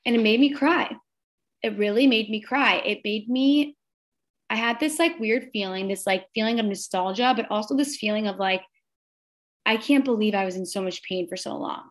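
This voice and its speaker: A woman guest on a podcast speaks at medium pitch and a moderate pace. She's chatty and casual, filling her talk with "like."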